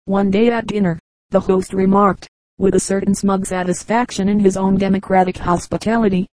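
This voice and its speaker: A woman narrates a book of short jokes in a measured, even reading. Her voice is mellow and warm at a middling pitch, recorded close and dry with no room around it. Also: dry recording, rough recording. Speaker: audiobook reader. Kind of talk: scripted narration.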